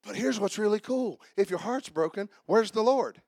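A man with a high voice preaches a sermon at a church service, with a close, dry sound. He calls out to the congregation and swings between loud shouts and hushed asides. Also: expressive, moderate pace, creaky, no room sound.

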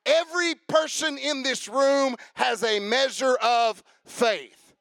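A male preacher with a high voice, delivering a sermon in a church. He talks emphatically, hammers his points through repetition, and rises into shouted proclamations. The sound is dry and close. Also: slow pace, creaky, no room sound. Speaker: pastor.

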